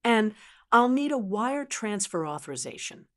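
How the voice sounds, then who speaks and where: A woman voicing a slick, desperate male con man who talks in smooth sales patter and turns to hissed pleading. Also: fairly high pitch, big pitch swings, normal speed, fairly bright tone.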